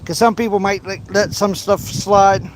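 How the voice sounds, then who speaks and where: A man fishes outdoors at a pond while talking to his livestream audience, rambling, restarting often, and joking around. His high-pitched voice has fairly even intonation and a moderate pace, with background noise around him.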